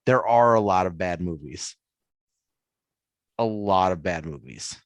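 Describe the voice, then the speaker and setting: Low-voiced, slow-talking man. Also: lively intonation, dry recording. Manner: easygoing, hesitant with many ums. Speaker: podcast co-host. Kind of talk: casual chat.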